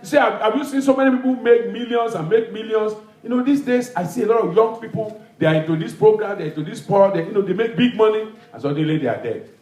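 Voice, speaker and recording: A man's voice: high-pitched, expressive, fast talker, a little mellow. A male pastor preaching an emphatic, repetitive sermon with call-and-response, in a church hall.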